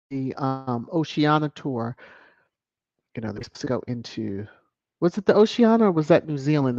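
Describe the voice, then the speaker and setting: A man hosting a live stream, reading viewer comments in a casual, animated way with laughs and sudden high exclamations. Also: no room sound, dull audio. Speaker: livestream host reading chat.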